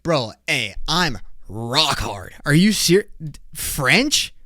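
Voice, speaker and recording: A young man hosting a solo podcast, ranting in an excitable, profane, slangy way. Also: on the high side, drawn-out words, no echo, studio quality. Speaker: podcast host.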